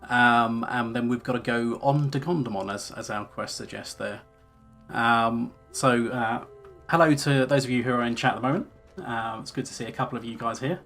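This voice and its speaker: A man's voice: medium pitch, normal speed, faint music behind. A man streaming a game, chatting casually with lots of fillers and reading quest text aloud. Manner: relaxed, rambling with many fillers. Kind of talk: casual let's-play commentary.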